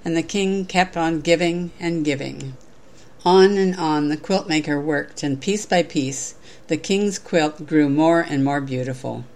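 Low-voiced woman telling a story in a sermon. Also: unhurried, a little mellow.

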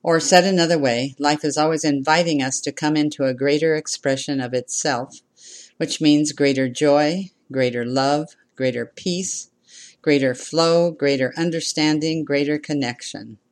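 A minister delivering a sermon in a measured way, repeating phrases and inviting the congregation to respond. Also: medium pitch, fairly even intonation.

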